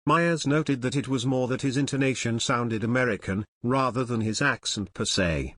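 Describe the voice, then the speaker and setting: A man narrating a scripted news piece in an even, read-aloud manner. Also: medium pitch, normal speed.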